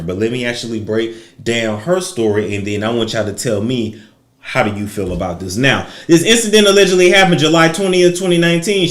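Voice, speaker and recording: A man with an average-pitched voice hosts a relaxed gossip livestream and tells the story in his own blunt, conversational way. He keeps turning to his viewers with questions. The room around him adds a noticeable echo. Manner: conversational, opinionated, addresses viewers directly. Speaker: celebrity gossip host. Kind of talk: casual livestream commentary.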